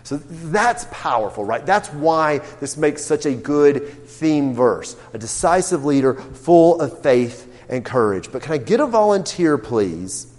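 A man's voice: a little high, very animated, a little slow, few pauses, darkish tone, in a large hall. A man teaching an interactive Bible class, asking the group questions and acting out what the characters say. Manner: questioning, emphatic, acts out quotes.

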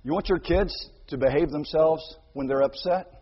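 A man preaching a sermon as pastor, animated, acting out quoted voices and building to near shouts, with a husky voice. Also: a little high, moderate pace. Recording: dull sound with long hall reverb.

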